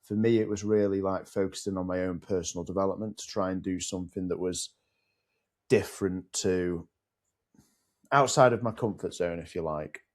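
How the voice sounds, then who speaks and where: Male podcast host, lower voice, relaxed, reflective, a little hesitant. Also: normal speed. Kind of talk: casual business podcast chat.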